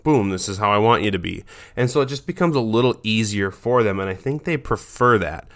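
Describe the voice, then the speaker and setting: A man's voice: lowish voice, a little fast. A man hosting a dog training podcast, talking in a loose, chatty monologue with many fillers and restarts.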